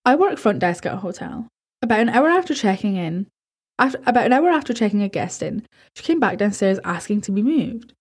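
A woman's voice: medium pitch, sing-song, a little fast, husky. A woman hosting a podcast, casually reading listener horror stories aloud, stumbling and correcting herself and swearing offhand. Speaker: podcast host.

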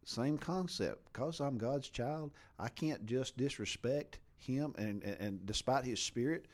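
Guy chatting about faith, medium voice, steady, stumbles a bit. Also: medium pitch, unhurried. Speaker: discussion partner. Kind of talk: casual faith discussion.

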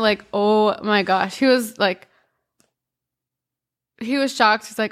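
A woman's voice: medium pitch, lively intonation, fairly bright tone. A woman hosting her own podcast, telling a personal story casually with lots of "like" and "um". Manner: chatty, full of "like" and "um" fillers, quick bursts and slow pauses. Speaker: podcast host.

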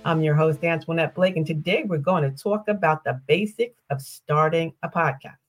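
A woman's voice: sits low, moderate pace, faint music behind. Upbeat older woman hosting a podcast. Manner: upbeat, explanatory, rhetorical questions and lists. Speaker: podcast host. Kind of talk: solo podcast teaching.

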